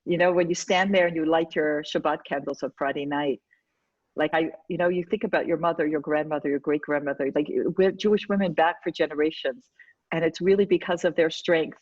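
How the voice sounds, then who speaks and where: A woman's voice: low-pitched, fairly even intonation, a little fast, a little mellow, dry recording. A woman educator guest in an interview, talking in an emphatic, persuasive way. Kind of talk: conversational interview. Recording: dull lo-fi dry sound.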